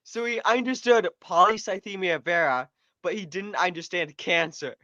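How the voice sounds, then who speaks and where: A man's voice: high voice, normal speed, bright, forceful tone, dry recording. A man commenting on a live stream, mocking and laughing often, heard through a dull lo-fi mic.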